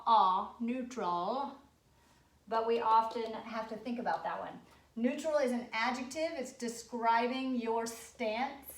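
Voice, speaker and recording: Woman teacher, slightly high voice, patient spelling lesson for young kids, echoey classroom. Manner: patient, spells words out letter by letter. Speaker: second grade teacher.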